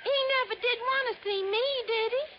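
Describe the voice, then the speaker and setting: A shrill, high nasal woman of about thirty, rambling on about family and money with gossipy greed. Her voice sits very high and comes through a dull, hissy old radio recording. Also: brisk. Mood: chattering. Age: 30s. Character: nasal chattering small-town woman, greedy. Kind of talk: 1950s radio drama acting.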